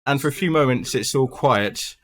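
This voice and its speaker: A man's voice: mid-range voice, moderate pace, fairly bright tone. A man running a tabletop horror game as game master, narrating casually with frequent ums.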